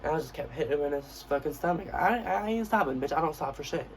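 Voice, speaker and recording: A man's voice: on the high side, steady tone, very fast, darkish tone, distant mic, a little hiss or hum, rough recording. A young man telling a storytime vlog in a brash, profane, casual way, acting out what he said. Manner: brash, profane, acts out quotes of himself. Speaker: vlogger.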